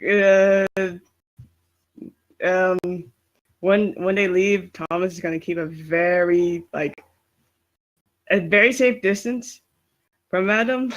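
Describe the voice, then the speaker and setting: A tabletop player describes their character in a slow, faltering way, stopping often to restart. The voice sits in a middle range, unhurried throughout. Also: mid-range voice, a bit bright, muffled recording. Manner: hesitant, giggly. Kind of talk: casual tabletop play.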